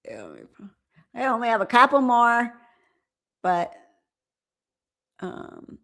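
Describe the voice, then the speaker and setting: A woman host talking casually over clips she is watching on a live stream. Her voice sits a little high, and she laughs and sounds incredulous as she comments. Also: very animated, slow, a bit bright.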